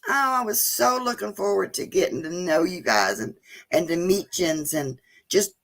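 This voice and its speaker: A woman's voice: lowish voice, very animated, measured pace, fairly bright tone. A woman, chatting casually and emotionally with viewers during a live stream. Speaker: vlogger hosting a live chat.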